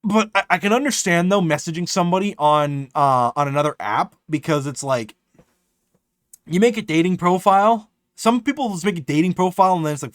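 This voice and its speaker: A man's voice: high-pitched, a little fast, dry recording, studio quality. A man chatting casually on a live stream, rambling and swearing often, restarting his sentences.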